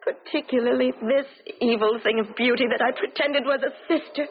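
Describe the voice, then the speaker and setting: A woman plays a lonely young maiden with a high voice, pleading her innocence. It sounds thin and tinny, like an old radio broadcast with faint hiss. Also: fairly even intonation, moderate pace, lightly acted. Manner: pleading, emotional. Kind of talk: 1970s radio drama acting.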